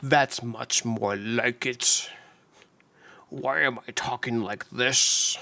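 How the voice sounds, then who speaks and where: A man's voice: mid-range voice, drawn-out words, vocal fry, bright, forceful tone, full character voice. A man doing a jokey impression of an older male Scottish film star, with a mock Scottish drawl. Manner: jokey, self-mocking.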